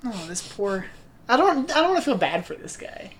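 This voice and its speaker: A woman's voice: a little high, moderate pace, crowd noise. Laughing woman chatting about a film. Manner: animated, laughs often, acts out movie lines. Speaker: podcast co-host. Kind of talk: casual film discussion chat.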